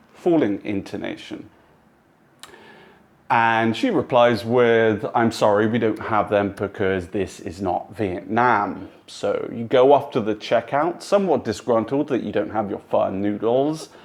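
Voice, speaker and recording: A man narrating a language lesson in a clear, measured, instructive way. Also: fairly low pitch. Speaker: language teacher. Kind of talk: scripted explanatory narration.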